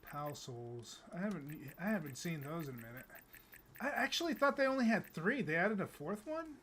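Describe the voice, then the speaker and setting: Rambling young American man, fairly high voice. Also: big pitch swings, moderate pace, fairly bright tone, slight background noise. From United States. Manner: rambling, frequent stammered restarts and chuckles. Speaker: gaming streamer. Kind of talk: casual chat while streaming a game.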